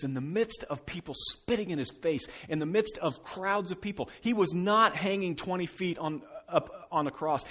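Expressive male pastor preaching a sermon. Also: medium pitch. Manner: expressive, conversational preaching with dramatic quiet drops.

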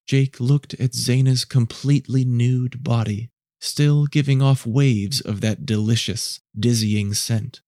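A man narrating and producing an audio story in a measured, low-key, hushed reading. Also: no room sound, clean studio sound.

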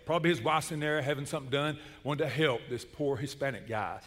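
Male pastor, middle-aged, lively comic storyteller, bright tone in a reverberant church. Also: medium pitch, quick pace. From Chattanooga, Tennessee. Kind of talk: sermon with storytelling.

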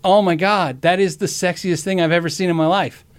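A man hosting his own show in a casual livestream chat, excitable and stammering, often restarting his sentences. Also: high voice, a little fast, clear, resonant tone. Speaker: show host.

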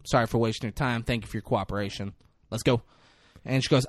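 This fast-talking podcast co-host has a medium-pitched voice, captured in clean studio sound with no room echo. Chatting casually about a film with his co-host, he acts out the lines animatedly, his voice swinging widely, and swears without restraint.

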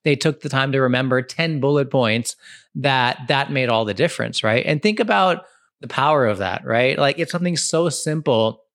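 A man's voice: medium pitch, expressive, normal speed, fairly bright tone, no echo, clean studio sound. A man in his thirties, a comedian and podcast host, giving casual advice in a chatty way full of "like" and "you know". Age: 30s.

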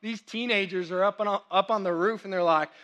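A young man from Texas delivers a sermon in a high, bright voice. He tells stories with quick, animated asides as he preaches. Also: muffled recording. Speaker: pastor.

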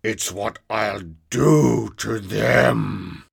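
A man voicing a squat, warty green monster who growls slow, menacing threats in a storybook. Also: fairly low pitch, creaky, breathy edge, exaggerated voice.

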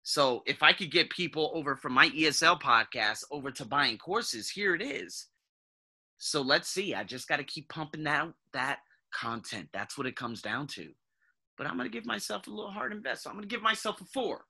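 A man in his thirties hosting a podcast, talking in a casual, blunt, profane monologue that swings between low muttering and loud outbursts. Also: very animated, normal speed, creaky, husky. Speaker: podcast host.

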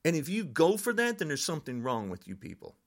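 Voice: mid-range voice, wildly swooping pitch, fast talker, vocal fry. An older podcast host in a frustrated, angry political rant.

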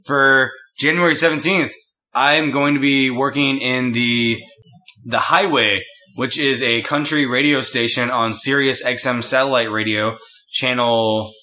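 A man's voice: medium pitch, steady tone, measured pace, pushed and bright. A young man co-hosting a podcast, chatting in a rambling, teasing way. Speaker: podcast co-host. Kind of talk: casual chat.

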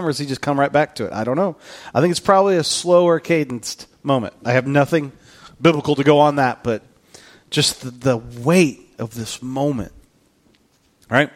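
A man preaching a casual, storytelling sermon, acting out scenes and dropping into hushed tones for weight. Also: on the high side. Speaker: pastor.

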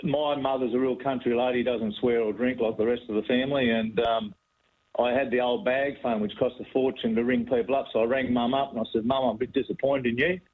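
A man's voice: mid-range voice, steady tone, fairly quick. An Australian man from the country, calling in to a radio show and telling a yarn in a matey way. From rural Australia. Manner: yarning, matey storyteller. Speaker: caller. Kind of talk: phone-in anecdote. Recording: tinny phone line.

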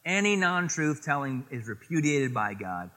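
A man preaching a sermon as pastor, lively and animated, quoting scripture and acting out little voices in his stories. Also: a little high, moderate pace, big-room sound. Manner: animated, acts out voices in anecdotes, quotes scripture.

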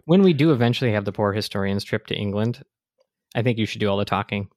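A man's voice: fairly low pitch, animated, quick pace, a little mellow, no room sound, clean studio sound. A man hosting a podcast, chatting casually and explaining medical matters in a thoughtful way. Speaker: podcast host. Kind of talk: casual chat.

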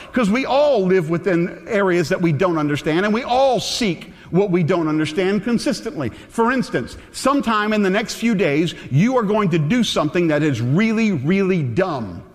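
A man in his forties preaching a sermon, talking in an earnest, conversational way that drops soft and tender at times. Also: high voice. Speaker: pastor. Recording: long hall reverb.

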